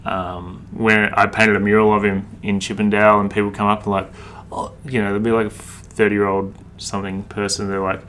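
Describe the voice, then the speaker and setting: A man's voice: on the low side, level tone, fairly quick, hardly any pauses, a bit bright, slight background noise. A man in his thirties with an Australian accent, a street artist chatting laid-back and swearing freely in an interview. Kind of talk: casual interview chat.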